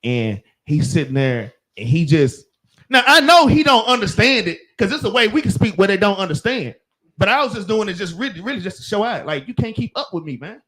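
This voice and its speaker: A man with a Southern US accent leads a religious class in an easy, slangy way, drifting into work stories. His voice sits high for a man. He laughs along as he talks. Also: sing-song, fairly quick, fairly bright tone. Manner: loose storytelling with slang and laughs. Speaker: class leader. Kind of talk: casual teaching chat.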